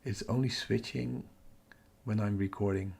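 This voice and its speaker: A middle-aged man hosting a night-time telescope livestream from home, half-whispering so he doesn't wake the house, muttering to himself over his capture software. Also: on the low side, steady tone, unhurried, gravelly, slightly rough. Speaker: astrophotography livestream host. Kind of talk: live stream commentary, talking to chat.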